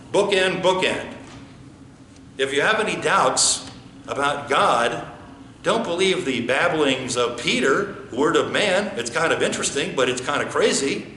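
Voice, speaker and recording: A man's voice: fairly high pitch, bright, forceful tone, a little hiss or hum. A man with an American accent, a pastor preaching a conversational sermon and asking his congregation questions. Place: church sanctuary. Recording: echoey church with faint ambience.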